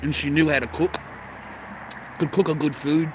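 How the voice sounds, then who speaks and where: A man's voice: on the high side, fairly even intonation, normal speed, noisy background. A middle-aged Australian man on a livestream, talking in a blunt, profane, rambling way. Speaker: livestream host. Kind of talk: unscripted livestream rant.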